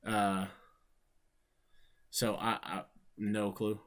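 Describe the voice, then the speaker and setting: Extremely slow and lowish, with little pitch movement, the voice belongs to a wrestler from Ohio, USA. He rambles casually on a livestream, watching his matches, responding to viewer questions and swearing freely in an easygoing way.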